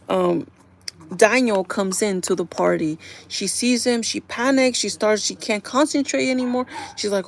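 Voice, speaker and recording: A woman's voice: medium pitch, normal speed, slight background noise. A woman hosting a livestream, chatting casually to her viewers and acting out bits of dialogue as she retells a story. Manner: chatty, addresses viewers as "you guys"; acts out characters' lines in quotes. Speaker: livestream host. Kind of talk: casual chat recapping a TV show.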